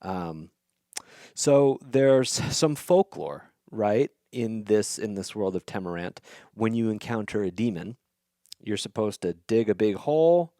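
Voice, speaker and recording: A man's voice: lowish voice, animated, measured pace, mellow, no echo, studio quality. A man hosting a podcast, casually retelling a fantasy novel in a loose, chatty way with lots of fillers and some swearing. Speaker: podcast host.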